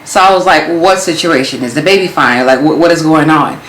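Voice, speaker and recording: A young adult woman telling a story in a casual vlog, animated and acting out her own thoughts as she goes. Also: sits low, a little fast, a little hiss or hum. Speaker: vlogger. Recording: roomy echo.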